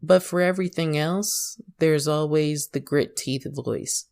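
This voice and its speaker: This is a woman hosting a podcast, her voice sitting low and unhurried. She muses through her ideas in a casual, reflective monologue, often with a wry, self-deprecating edge. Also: a little mellow. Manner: musing, conversational, mildly self-deprecating. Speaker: podcast host.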